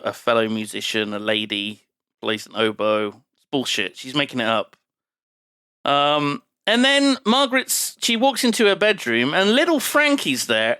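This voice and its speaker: Man co-hosting a film podcast, lively pitch, bright sound, wry, dry close mic. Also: clean tone, dry recording. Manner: wry, swearing, puts on character voices. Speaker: podcast co-host. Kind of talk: casual chat recapping a film.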